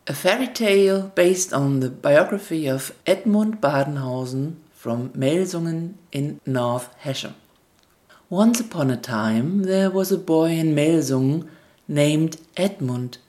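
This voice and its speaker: A woman narrating a fairy tale in a gentle storybook reading, with scripted narration. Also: low voice, takes it slowly. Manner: gentle storybook reading with quoted family dialogue.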